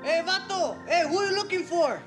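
A man's voice: extremely high pitch, animated, fairly quick, fairly bright tone, faint music behind. An actor playing a brash young man who answers the door in a film scene.

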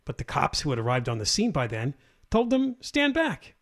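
A man's voice: medium pitch, sing-song, brisk. A man co-hosting a talk radio show, telling news stories in an indignant, conversational way.

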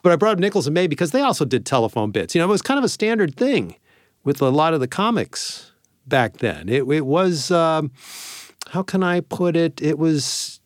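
A middle-aged man co-hosting a show, chatting casually about old comedy recordings in a relaxed manner, sometimes searching for words. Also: fairly high pitch, moderate pace, no echo, studio quality. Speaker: radio show co-host.

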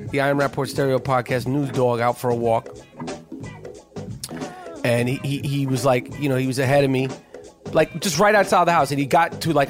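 A man hosting a podcast, telling a story in a lively, profane, casual chat. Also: mid-range voice. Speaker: podcast host.

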